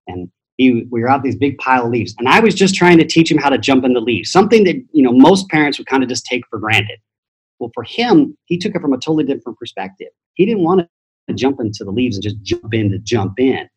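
The audio is poor, but the man's medium-pitched, slightly rough voice comes through with lively intonation at a quick pace. A middle-aged podcast guest who teaches transformation, he tells personal stories in a blunt, profane, motivational manner, acting out voices in quotes.

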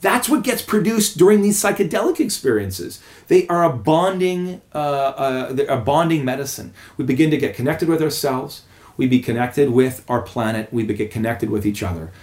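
Animated man co-hosting a podcast. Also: medium pitch, moderate pace, roomy sound. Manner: animated storyteller, acts out quoted voices. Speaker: podcast co-host. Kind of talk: casual podcast conversation.

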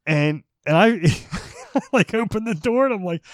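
A man co-hosting a comedy podcast, telling a story in a casual, animated way, laughing and swearing as he goes. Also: high-pitched, normal speed, dry recording. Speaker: podcast co-host.

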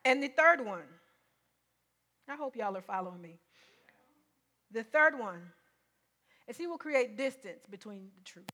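A woman's voice: a little high, expressive, measured pace, long pauses, bright, forceful tone. A woman preacher giving a sermon in an emphatic, conversational way, often repeating her points.

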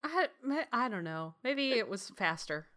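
A woman's voice: fairly high pitch, big pitch swings, unhurried, a bit bright. A young woman co-hosting a casual chat, laughing often as she jokes along.

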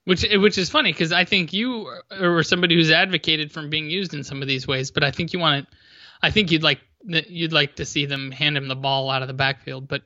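Very bright man on a dull, dry mic. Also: fairly high pitch, steady tone, brisk, no echo. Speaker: podcast co-host. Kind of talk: casual sports chat.

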